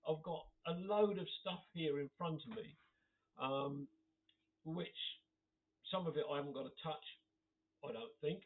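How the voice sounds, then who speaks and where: A man's voice: a little high, unhurried, pauses often. A man chatting casually to viewers on a live stream, laughing often as he reads out comments. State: occasional cough. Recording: tinny phone-like audio.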